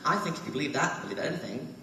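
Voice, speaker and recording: A woman's voice: low voice, lively intonation, racing, noisy background. A woman mimicking prim old British men. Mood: dismissive. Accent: British (put on). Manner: prim, repetitive small talk. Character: old British men, polite, endlessly repetitive. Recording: echoey hall, voice from far off.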